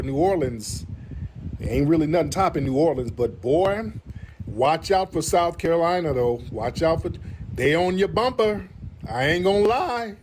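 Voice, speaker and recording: Casting note: male live-stream host, slangy and animated, fairly high voice, noisy audio. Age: adult, has kids. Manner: animated, slangy, repeats himself. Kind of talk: casual live-stream chat.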